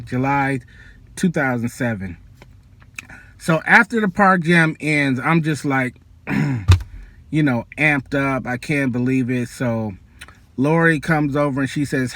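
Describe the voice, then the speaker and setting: A man recounts a personal story on his vlog, speaking slowly and loosely with plenty of ums and uhs. His voice sits at an ordinary pitch and sounds close and dry, with no room echo. He gets excitable as he talks. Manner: animated, excited retelling with many fillers. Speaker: storyteller vlogger. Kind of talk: casual storytelling.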